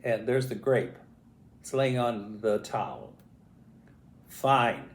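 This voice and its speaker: An older man telling a family story in a casual, animated way, acting out voices and sounds as he goes. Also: on the low side, measured pace. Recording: roomy echo.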